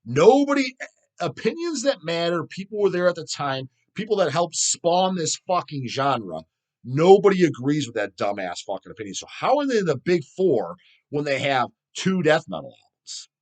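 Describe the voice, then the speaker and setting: A man's voice: a little high, very animated, normal speed. A middle-aged man hosting a solo vlog, ranting heatedly and profanely. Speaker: channel host.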